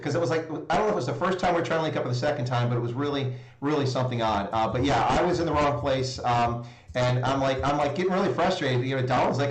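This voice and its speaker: A man's voice: mid-range voice, fast. A man hosting a live stream in casual chat, telling stories and fussing over his audio. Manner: flustered by mic trouble, chatty storyteller. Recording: roomy echo.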